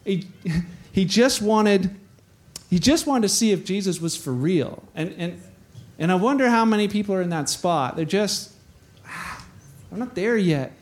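A male pastor giving a conversational sermon, telling the story with animated energy, chuckles and quick restarts. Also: high-pitched.

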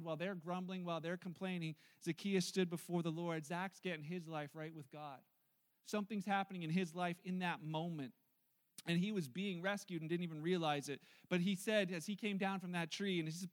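A man preaching a sermon as pastor, telling stories and acting out what people say in a lively way. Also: high voice. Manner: lively storytelling, acting out quotes.

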